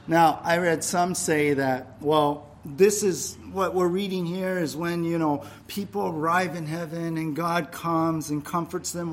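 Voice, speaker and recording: Emphatic preacher man. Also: on the high side. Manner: emphatic, repeats phrases, frequent "right?" checks. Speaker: pastor. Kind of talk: sermon.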